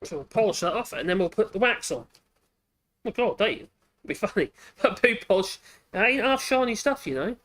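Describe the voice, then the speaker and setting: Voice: medium pitch, lively intonation, normal speed, a bit bright. A woodworking channel host, chatting casually while demonstrating at the workbench, thinking aloud and correcting themselves as they go.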